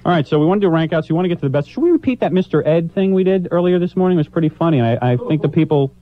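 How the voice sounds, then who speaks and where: A man's voice: fairly high pitch, lively intonation, very fast, hardly any pauses. A man working as a radio disc jockey, joking on air in a playful, mock-sentimental, self-mocking way. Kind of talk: joking morning radio banter. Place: radio studio. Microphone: studio microphone. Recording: muffled old radio aircheck.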